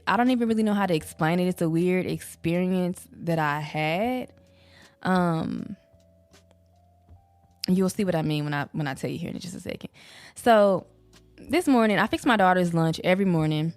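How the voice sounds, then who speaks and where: A woman with a lowish voice talks straight to her viewers, candid and unpolished. She's a mother sharing her own experience in a loose, rambling way, full of "like" and restarts. Faint music sits quietly underneath. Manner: casual, rambling, frequent "like" fillers. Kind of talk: candid personal talk to camera.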